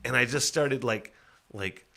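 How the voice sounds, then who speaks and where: A man's voice: medium pitch, a little slow, gravelly, bright, forceful tone. A man who is a guest on a podcast, chatting casually, swearing freely and laughing. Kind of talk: casual chat.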